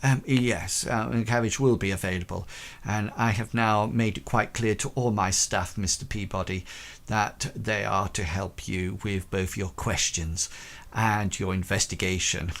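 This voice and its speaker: A man's voice: lowish voice, fairly even intonation, a bit bright. A man playing a stern aristocratic widow in a tabletop game, speaking formally with frequent hesitations. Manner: formal, halting, with many ums.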